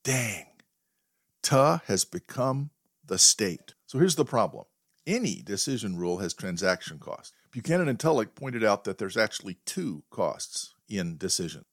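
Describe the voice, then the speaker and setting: A man hosting a podcast, telling a wry, deadpan story in a monologue. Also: lowish voice, no echo, studio quality. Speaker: podcast host.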